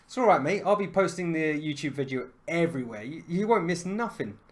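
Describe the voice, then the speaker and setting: A young adult man from the United Kingdom, a chess streamer chatting casually to his viewers in an excitable, self-mocking way. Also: a little high, fairly quick. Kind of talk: casual live-stream chat.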